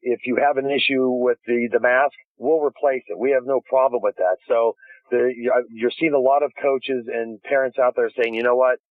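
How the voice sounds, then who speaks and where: A man's voice: mid-range voice, steady tone, normal speed, dry recording. A man, a guest inventor on a phone interview, telling stories eagerly with frequent restarts. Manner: enthusiastic storytelling with many restarts. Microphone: phone call. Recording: dry tinny phone line.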